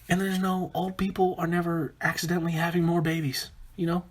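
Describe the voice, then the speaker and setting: A man's voice: fairly high pitch, little pitch movement, fairly quick, breathy edge. A man hosting a comedic solo podcast, rambling and interrupting himself as he jokes. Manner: rambling, self-interrupting, jokey. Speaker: podcast host.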